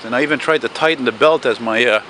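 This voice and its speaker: A man narrates a casual walking vlog outdoors on a city street at dusk, with street noise and passing cars behind him. His medium-pitched voice is quick, pushed, and bright as he rambles and swears to his viewers.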